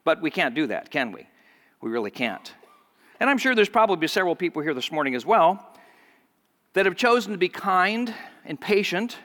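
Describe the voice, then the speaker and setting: A man preaches from the pulpit with a bright, forceful voice, and his words ring out through a long hall echo. He tells his story in a lively way and raises his voice when he quotes the people in it. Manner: storytelling, voices quoted speakers with pitch jumps. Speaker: pastor. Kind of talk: sermon.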